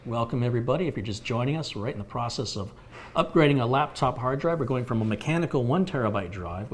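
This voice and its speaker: An American man hosting a live computer repair stream, explaining hardware with everyday analogies as he answers viewer questions. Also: mid-range voice. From United States. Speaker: computer repair livestream host.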